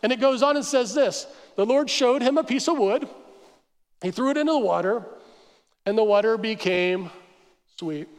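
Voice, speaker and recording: A man preaching a sermon as pastor, telling the story with animated asides and acting out the crowd's complaints. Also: extremely high pitch, moderate pace, pauses often. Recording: church hall reverb.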